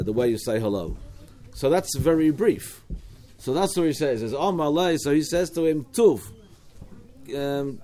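A man's voice: medium pitch, mellow. Australian man teaching a Talmud class. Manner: explanatory, with frequent restarts and asides.

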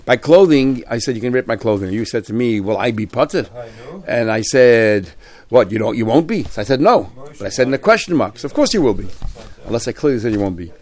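A man leads a Talmud class in a lively sing-song chant. He acts out both parties of each case as he explains it, switching between them with quick, animated delivery. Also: medium pitch. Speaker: Talmud teacher.

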